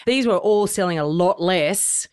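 A woman's voice: fairly low pitch, unhurried, darkish tone, smooth, no echo. Woman chatting, dry close sound. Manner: laughs easily, chiming in with short remarks. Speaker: podcast host. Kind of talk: casual chat.

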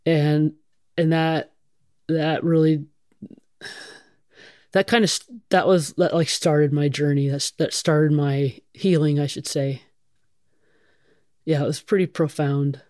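Speaking slowly and steadily with frequent pauses, a middle-aged woman firefighter gives a blunt, casual account of her life, full of swearing and fillers. Her low voice is a little mellow, captured dry with clean studio sound.

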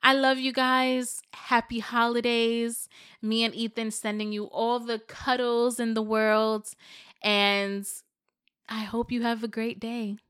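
A young woman talks through a casual solo podcast episode, chatty and openly emotional. Her voice is smooth and clean, recorded close on a dry mic with no room sound. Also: a little high, little pitch movement, slow, fairly bright tone, dry recording. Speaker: podcast host.

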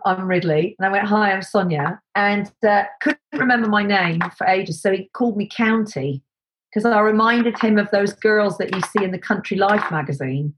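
Animated woman telling stories. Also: medium pitch, moderate pace, poor audio. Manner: animated, acts out quoted voices, many fillers and restarts. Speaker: guest, set decorator. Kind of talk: casual anecdotal storytelling.

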